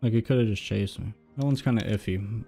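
A man's voice: on the low side, fairly quick, vocal fry, mellow, slightly rough, faint music behind. A young man streaming a game, casually talking through his own plays and second-guessing them. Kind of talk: casual gameplay commentary.

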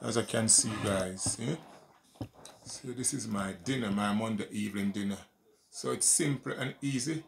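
In his home kitchen, a Jamaican man shows off the dinner he cooked, talking casually to viewers in a lowish, gravelly voice at normal speed. His commentary is simple and homely, and he says "guys" at nearly every turn. The sound is roomy with slight background noise.

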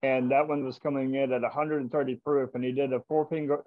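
Give me an enthusiastic man hosting a casual chat over a dull video call, mid-pitched, stumbling and repeating words. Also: little pitch movement, quick pace, few pauses, no room sound. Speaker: podcast host tasting bourbon. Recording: dull, lo-fi sound.

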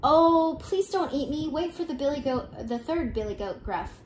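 A woman's voice: sits high, expressive, moderate pace, darkish tone, slight background noise, pitched above the performer's own voice. An older woman voicing the second billy goat, who pleads anxiously in a voice that is not so small, for a storybook read-aloud. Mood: pleading. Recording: echoey room.

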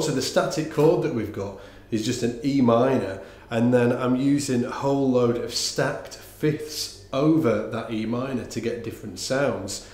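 A man giving a casual online bass lesson, talking in a relaxed, rambling way with lots of fillers and restarts. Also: echoey room. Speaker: bass teacher. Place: room with instruments, bass played along.

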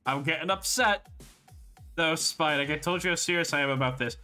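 A man's voice: on the high side, normal speed, sharp tone, soft background music. A man voicing a flamboyant, vain male pop star in a video game, reading his lines in a theatrical, gushing way. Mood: indignant.

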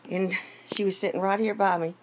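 A woman gently and fondly showing her small home nursery in a casual vlog. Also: medium pitch, fairly even intonation, a little hiss or hum. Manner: gentle, fond, unhurried showing. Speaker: doll collector giving a home tour.

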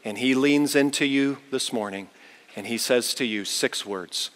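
A pastor preaching a chapel sermon, telling a story with big swings between loud, high bursts and quiet, low asides. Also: male voice, measured pace. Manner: animated storyteller with wide swings in pitch and loudness. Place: large university chapel. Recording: long reverb of a large hall.

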